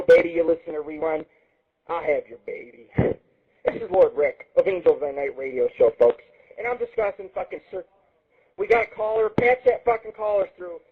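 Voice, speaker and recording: Cocky, crude man hosting a radio show, husky voice, swings high and low, lo-fi stream audio. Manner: boastful, crude, taunting. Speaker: internet radio show host. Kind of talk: profane ranting monologue. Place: Las Vegas.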